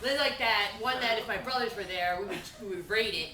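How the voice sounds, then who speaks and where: A woman's voice: medium pitch, fast talker. A young woman doing stand-up at a fundraiser, rambling through funny stories and laughing as she goes. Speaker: stand-up comedian. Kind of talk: stand-up storytelling. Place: event venue. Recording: echoey room, far from mic, loud noise.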